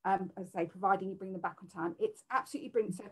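A woman's voice: mid-range voice, rapid-fire, husky, low-quality recording. Chatty woman from the library. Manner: warm, chatty, many fillers and restarts. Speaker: library worker. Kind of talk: live Q&A chat.

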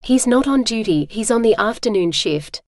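A woman's voice: a little high, lively intonation, moderate pace, a little mellow, no room sound, clean studio sound. A woman reading the lines of a sleepy young male hospital orderly, offhand and gossipy, in an audiobook.

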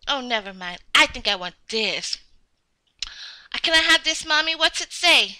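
A woman playing a child in a game role-play, talking in a whiny, excitable, childlike way. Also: high voice, normal speed. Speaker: game video creator.

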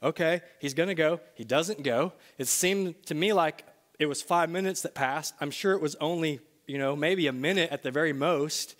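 A man's voice: a little high, moderate pace, a bit bright. A middle-aged male pastor preaching to a congregation in a church, telling a personal story in a conversational way that rises to emphatic bursts. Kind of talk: sermon. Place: church sanctuary before a congregation.

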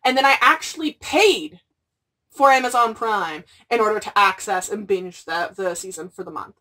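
A woman's voice: medium pitch, normal speed, bright, forceful tone, recorded from a distance. A young adult woman chatting casually about books, rambling and gushing with lots of fillers. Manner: gushing, rambling, frequent "like" and "freaking". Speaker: book vlogger. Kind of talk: casual chat.

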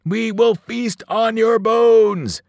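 A man voicing a bloodthirsty, boastful cannibal giant who bellows slow threats in a storybook reading. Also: high-pitched, gravelly, a little mellow, no room sound, studio quality, pitched above the performer's own voice, heavily acted. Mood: bellowing threats. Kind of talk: audiobook character voice.

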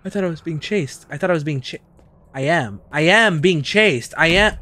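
A young man streaming a game, giving loud and excitable commentary with lots of swearing and trash talk. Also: a little high, normal speed. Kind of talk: casual gameplay commentary.

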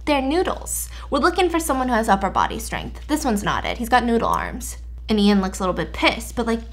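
A woman's voice: on the high side, brisk. Chatty young woman telling a story. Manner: chatty, animated retelling with mock-censored swears. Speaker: YouTube storyteller. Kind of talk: casual storytime while baking.

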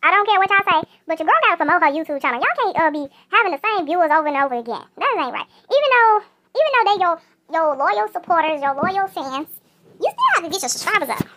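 A woman's voice: very high voice, expressive, fast, pushed and bright, slight background noise. A female YouTuber chatting casually over mobile gameplay, repeating herself and talking straight to her viewers.

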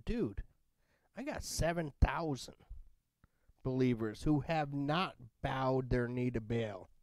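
A man's voice: medium pitch, animated, slow pace, darkish tone, dry recording. A man playing a laid-back, slangy God. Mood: reassuring. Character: casual, reassuring God speaking to a prophet.

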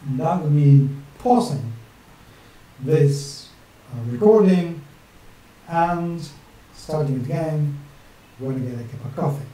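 A man's voice: fairly high pitch, takes it slowly, long pauses, dark tone. Chatty man in a very echoey room. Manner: chatty, self-deprecating asides. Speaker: video host. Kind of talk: casual rambling monologue. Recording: very echoey room, voice far from mic.

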